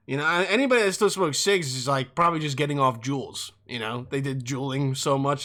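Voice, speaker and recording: A young man hosting a podcast, telling comic stories in an animated, profane, rambling way. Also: on the high side, fairly quick, few pauses. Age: young adult. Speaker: podcast host. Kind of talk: casual comic storytelling.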